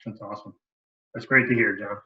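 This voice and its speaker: A man's voice: on the low side, steady tone, a little fast. A man hosting an interview who gives brief affirmations and asks leading questions. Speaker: interview host. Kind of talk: conversational interview. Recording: distant roomy lo-fi sound.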